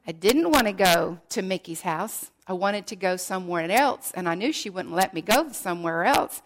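Sharing her testimony with earnest emotion, a middle-aged woman preaches a sermon, her voice sinking almost to a whisper when things get painful. She speaks at a moderate pace in a lowish, expressive voice.

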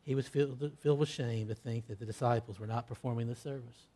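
A man preaching a sermon, acting out scripture dialogue, with loud emphatic peaks that fall to hushed, low line endings. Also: fairly even intonation, fast talker. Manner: acts out quoted lines in old-fashioned scripture wording.

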